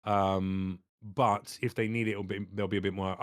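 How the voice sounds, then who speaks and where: A man working as a voice actor, chatting as a podcast guest and telling stories with animated energy and casual swearing. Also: lowish voice, normal speed, hardly any pauses, no room sound, clean studio sound. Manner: animated storyteller, swears freely. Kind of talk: casual chat.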